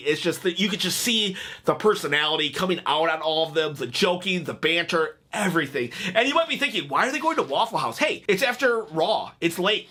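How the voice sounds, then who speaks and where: A man's voice: sits high, sharp tone. A man hosting a wrestling reaction video, chatting casually and joking, laughing at his own stories.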